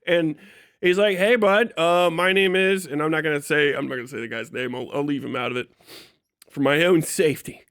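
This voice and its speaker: A man's voice: a little high, a little fast, no echo, studio quality. A man from Kentucky telling a story on his livestream, swearing freely and laughing often. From Kentucky, USA. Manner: profane, animated retelling, frequent laughs. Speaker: live streamer.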